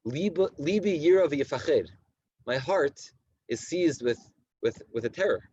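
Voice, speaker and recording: Man in his thirties, rabbi's Torah class, slow Hebrew readings with lively English asides, dry muffled sound. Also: fairly high pitch, breathy edge, dry recording. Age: 30s. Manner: reads Hebrew texts slowly then explains them in animated English with many repetitions. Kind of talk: Torah lecture to a community. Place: community study hall at night.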